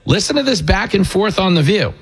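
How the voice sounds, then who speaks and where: A man hosting talk radio, ranting through a political monologue with a husky edge to his voice. He is combative and sarcastic and mocks his opponents in quick impressions. Faint music sits underneath him. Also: high-pitched, lively intonation.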